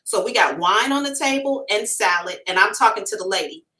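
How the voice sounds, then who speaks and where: Woman, bright voice, animated, frank storyteller, casual swearing, talks straight to viewers. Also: mid-range voice, a little fast, far from the mic, poor audio. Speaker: psychic livestream host. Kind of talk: storytelling to a live audience.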